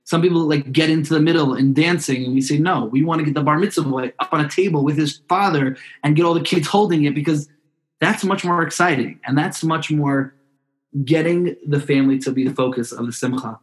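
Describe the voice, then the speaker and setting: A man's voice: a little high, fairly quick. A man speaking as a podcast guest in a casual interview, earnest and heartfelt, often restarting his sentences.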